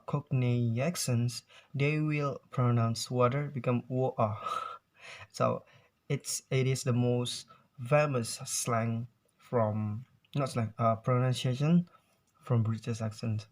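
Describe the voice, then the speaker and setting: A young man talks through a classroom-style explanation at an unhurried pace. His pitch sits in the usual middle range for a man. He stops to say example words aloud with care. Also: darkish tone. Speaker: student presenter. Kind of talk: explaining pronunciation to camera.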